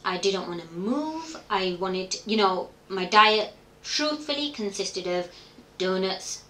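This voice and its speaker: A woman's voice: medium pitch, lively intonation, slow pace, sharp tone. A middle-aged woman, telling her story openly and reflectively as an interview guest, often voicing her own past thoughts. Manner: open, reflective storytelling with quoted inner thoughts. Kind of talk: candid conversational interview. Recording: echoey room.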